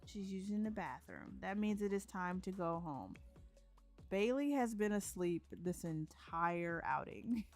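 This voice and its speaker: A woman's voice: medium pitch, animated, unhurried, soft background music. A woman streaming a life-sim game, chatting casually, giggling often and narrating what her characters think and say. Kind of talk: casual let's-play commentary.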